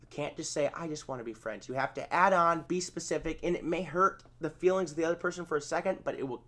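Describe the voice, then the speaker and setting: A man's voice: fairly high pitch, fairly even intonation, quick pace, a bit bright. A man hosting an informal spoken lesson on therapy skills, talking conversationally and acting out sample phrases. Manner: conversational, acts out sample phrases, self-correcting. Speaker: channel host teaching therapy skills.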